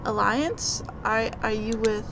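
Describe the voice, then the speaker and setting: A woman's voice: on the high side, takes it slowly, creaky, noisy background. A woman voicing a stammering shy male wraith. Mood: awkward, nervous. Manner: stammering, hesitant, soft-spoken. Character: shy awkward male wraith, nervous and lonely.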